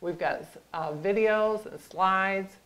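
A middle-aged woman giving an emotional personal testimony as a guest speaker, halting at times and dropping to a hush. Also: mid-range voice, low-quality recording. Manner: emotional, halting, with hushed whispered moments. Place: lecture room.

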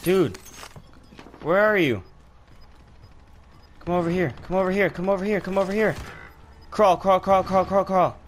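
Man, headset mic, slightly high voice, unhurried, excitable callouts, faint game noise behind. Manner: repeats words in rapid bursts. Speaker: gamer. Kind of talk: live game commentary.

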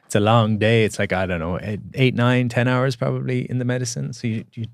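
A man's voice: mid-range voice, steady tone, fairly quick, creaky, dry recording, clean studio sound. A man talking as a podcast guest, reflective and storytelling, with frequent restarts. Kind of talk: casual podcast conversation.

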